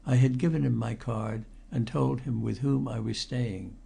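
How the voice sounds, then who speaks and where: A man narrating a first-person mystery audiobook in a measured, grave storytelling manner with a gravelly voice. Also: medium pitch, steady tone, warm tone.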